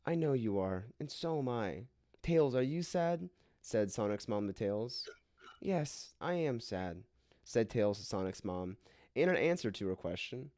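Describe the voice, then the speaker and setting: Animated but slow, this man speaks in a lowish, slightly mellow voice, recorded at studio quality without echo. He performs an absurd fan fiction as a comic dramatic reading, hamming up the dialogue and frequently cracking up.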